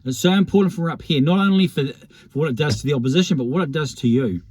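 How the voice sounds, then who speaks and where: A man's voice: a little high, quick pace, darkish tone, no room sound. Wry New man reminiscing. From New Zealand. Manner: rambling, wry, self-deprecating. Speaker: rugby vlogger. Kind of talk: casual reminiscing monologue.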